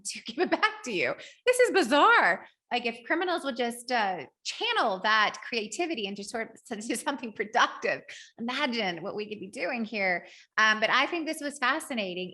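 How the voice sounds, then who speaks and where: Bright-voiced Southern woman hosting. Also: fairly high pitch. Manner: chatty and upbeat, says y'all often. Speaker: podcast host. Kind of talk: casual podcast talk and recap.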